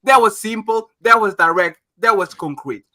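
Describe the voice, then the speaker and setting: Young male podcast host, bright and brash, casual debate style. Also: sits high, normal speed. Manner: blunt, crude, swings from loud to muttered.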